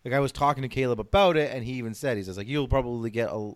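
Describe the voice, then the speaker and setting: A man's voice: medium pitch, rapid-fire, dry recording. Man rambling casually, dry close mic. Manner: rambling, swears freely. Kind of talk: casual chat.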